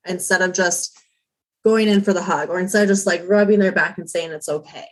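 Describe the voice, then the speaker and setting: A woman's voice: on the low side, a little fast. A woman hosting a candid podcast chat who asks probing questions and responds supportively. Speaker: podcast host.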